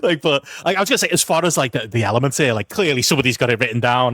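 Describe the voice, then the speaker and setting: A man with a British accent, co-hosting a podcast in casual chat, chatty and quick to laugh. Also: medium pitch, animated, fairly bright tone, no echo, studio quality. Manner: fast, chatty, laughs often. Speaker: podcast co-host.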